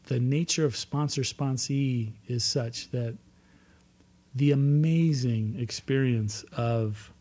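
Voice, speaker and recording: Man, recovery meeting speaker, middle pitch, earnest testimony with repeated emphasis. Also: dark tone, breathy edge. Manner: earnest storytelling, emphatic repetitions. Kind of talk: personal testimony talk.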